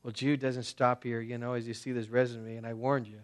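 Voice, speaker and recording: Casual New pastor preaching. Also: male voice, medium pitch, little pitch movement, a little fast. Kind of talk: sermon.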